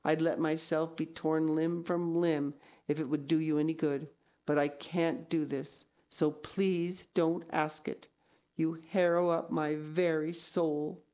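A woman's voice: sits low, little pitch movement, slow, mellow. A woman voicing a proud, stubborn schoolgirl who talks in an earnest, theatrical way. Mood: solemn stubborn.

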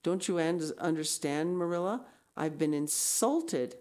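A woman's voice: low voice, animated, measured pace, a little mellow. A woman voicing a proud, stubborn schoolgirl who talks in an earnest, theatrical way. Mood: solemn stubborn.

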